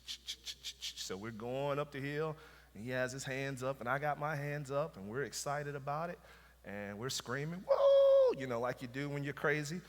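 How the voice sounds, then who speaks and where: Southern preacher guy in a church, story then loud emphatic points, echoey hall. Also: mid-range voice. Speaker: pastor. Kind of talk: sermon. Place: church sanctuary.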